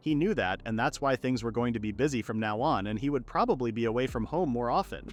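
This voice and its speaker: A man narrating a manga recap in a steady storytelling read. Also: mid-range voice, quick pace. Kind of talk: scripted narration.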